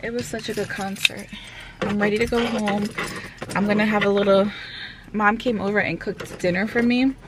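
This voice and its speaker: A woman's voice: mid-range voice, fairly even intonation, normal speed, heavy background noise. A young woman chatting casually to her vlog viewers, rambling with lots of "like" and "um". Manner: chatty, rambling, heavy on fillers. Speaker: vlogger.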